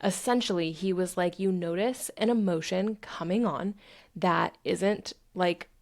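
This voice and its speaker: Candid, gravelly-voiced young woman podcaster. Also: fairly low pitch, measured pace, a little mellow. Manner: candid, swears freely, acts out inner dialogue. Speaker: podcast host. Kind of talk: casual self-help monologue.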